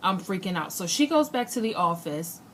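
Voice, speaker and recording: A young woman vlogger retelling something that happened to her in a casual, animated way, acting out what people said. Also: medium pitch, moderate pace, slight background noise. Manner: animated retelling, acts out quotes. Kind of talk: casual storytelling.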